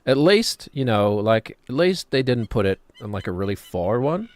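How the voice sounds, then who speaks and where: A man's voice: mid-range voice, sing-song, normal speed, darkish tone, no echo. A man, streaming a game and chattering casually, rambling and joking as he plays. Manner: rambling, jokey, drifts into put-on British voices.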